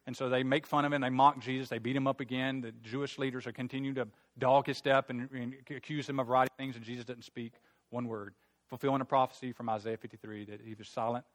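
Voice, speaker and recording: A man preaching a sermon, retelling a Bible story in a conversational, animated way. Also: medium pitch, quick pace.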